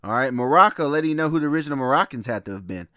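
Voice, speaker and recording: A man's voice: medium pitch, expressive, rapid-fire, bright, forceful tone, no echo, clean studio sound. A man giving a casual lecture from slides, loose and repetitive, often laughing and checking in with his listeners. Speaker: presenter walking through slides.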